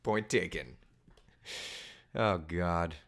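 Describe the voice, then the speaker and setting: A man, chatting casually as a weather host and reading out viewer comments with animated, incredulous asides. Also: deep voice, very slow. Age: 30s.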